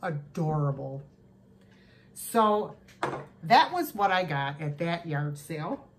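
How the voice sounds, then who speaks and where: Slow, chatty woman showing off thrift finds. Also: sits low, lively intonation, slight background noise. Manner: chatty, gushes over cute finds. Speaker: thrift haul vlogger. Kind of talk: casual show-and-tell chat.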